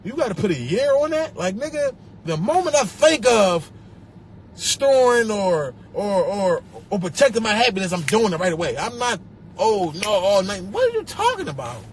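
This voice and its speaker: Philly man, high lively voice, profane livestream rant, phone mic with faint noise. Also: normal speed. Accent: Philadelphia. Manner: animated, profane, mocking others in a put-on voice. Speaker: social media personality.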